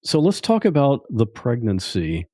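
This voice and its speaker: A man's voice: medium pitch, wildly swooping pitch, measured pace, warm tone, no room sound, clean studio sound. A man hosting a podcast, asking a guest curious questions with a lightly amused manner. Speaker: podcast host. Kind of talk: interview questions.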